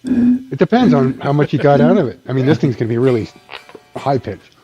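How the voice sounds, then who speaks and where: Chatty joking male guitarist, mid pitch, light guitar behind. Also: very animated, brisk, warm tone, muffled recording. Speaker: jam session participant. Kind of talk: casual chat.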